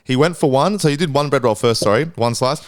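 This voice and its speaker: A man co-hosting a podcast, casually telling a story with swearing and getting excited as it builds. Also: quick pace, no room sound, clean studio sound. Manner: animated storyteller, swearing, rising pitch when excited. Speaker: podcast co-host. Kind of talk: casual chat.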